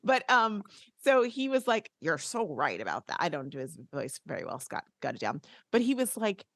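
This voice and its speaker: A woman's voice: mid-range voice, big pitch swings, normal speed, vocal fry, fairly bright tone, no room sound. A woman co-hosting a podcast in casual chat, playful and talkative. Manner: chatty, playful, slips into quoted voices. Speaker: podcast co-host.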